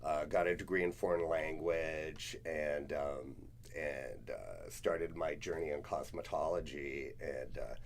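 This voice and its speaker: A man's voice: a bass voice, unhurried, gravelly, a little hiss or hum. A middle-aged man from the Los Angeles area, a guest in a casual interview, telling stories in a laid-back way with many fillers and laughs.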